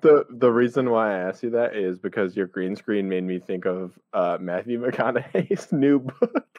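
A man's voice: fairly low pitch, expressive, moderate pace, dry recording, highs cut off. A man co-hosting a podcast, playful and teasing in casual chat. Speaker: podcast co-host.

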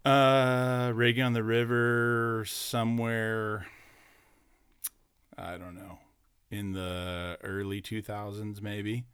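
A man with a low, smooth voice spins a long, rambling tale as a podcast guest, looping back with fillers and restarts. The sound is close and dry. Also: level tone, slow pace, fairly bright tone, dry recording. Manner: rambling, many "you know"s and restarts. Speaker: podcast guest, former concert security. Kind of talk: casual storytelling.

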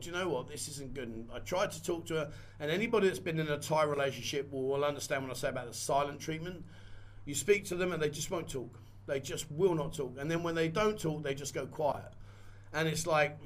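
Man vlogger, fairly high-pitched voice, candid, rambling storytelling, to camera. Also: slight background noise. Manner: candid, rambling, repeats phrases. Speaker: vlogger and photographer. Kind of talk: casual personal storytelling.

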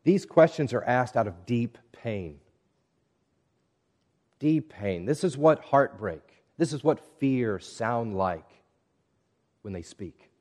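A man preaching a sermon, reading scripture and speaking in a measured, earnest way that drops to hushed tones at times. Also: medium pitch, expressive. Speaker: pastor.

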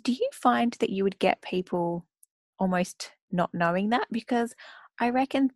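A woman's voice: medium pitch, measured pace, no room sound, clean studio sound. A woman hosting a casual interview, enthusiastic and encouraging. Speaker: podcast host.

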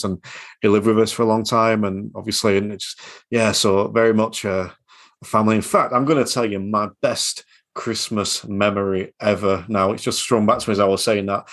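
A man co-hosting a relaxed chat and telling anecdotes in a chatty, rambling way. His voice sits a little on the low side. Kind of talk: casual chat.

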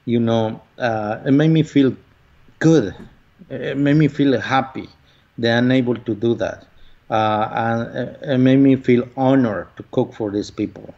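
An earnest man talks through an interview in a halting way, often pausing on fillers. His voice sits in a middle range. The recording sounds dull and lo-fi. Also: mid-range voice. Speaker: lottery winner guest. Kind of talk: conversational interview.

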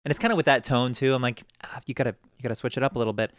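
A man's voice: medium pitch, big pitch swings, very fast, few pauses, no echo, studio quality. A young man hosting a podcast, rambling through a story and acting out quotes in a raised voice. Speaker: podcast host. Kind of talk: casual storytelling.

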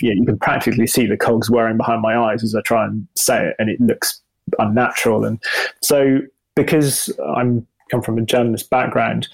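A man's voice: medium pitch, a little mellow, rough recording. A middle-aged man, a motoring journalist, answering interview questions in a rambling, self-deprecating way with many restarts. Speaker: motoring journalist and video presenter.

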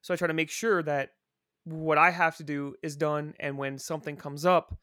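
A man with a fairly high, bright voice talks in a loose, rambling way, swearing freely but staying earnest. The sound is dry and close to the mic, with no room around it. It is a casual podcast chat with friends. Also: level tone, normal speed, dry recording. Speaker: podcast guest, prison supervisor.

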